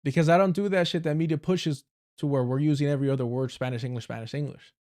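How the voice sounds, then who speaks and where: A man's voice: fairly high pitch, fast, warm tone. A man with a Southern Californian accent hosts a livestream and talks in a raised, lighter register than most men. He speaks bluntly, swears often, and breaks into short laughing asides as he comments. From Southern California, United States. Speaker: livestream host.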